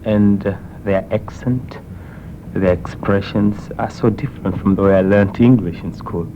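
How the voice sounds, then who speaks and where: A man's voice: on the low side, fairly even intonation, moderate pace, mellow, a little hiss or hum. A man with a Kenyan accent, an interviewee telling stories hesitantly with many fillers and restarts, on a muffled 1970s radio recording. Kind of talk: casual storytelling.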